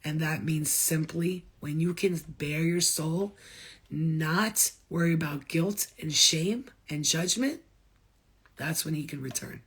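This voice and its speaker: A woman's voice: deep voice, slow, fairly bright tone, slightly rough. A woman who works as a spiritual healer, giving an impassioned, blunt talk to viewers, swearing freely and repeating phrases for emphasis.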